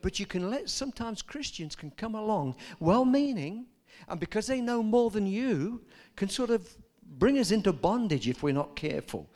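An older man preaching a sermon, telling stories and rising to loud, emphatic peaks. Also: sits high, big pitch swings, moderate pace. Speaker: pastor.

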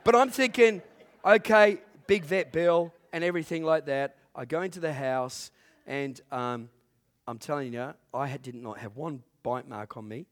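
A male pastor preaching a sermon, his voice sitting a little high for a man. He swings from loud, drawn-out calls to hushed storytelling and laughs at his own jokes. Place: church in front of a congregation.

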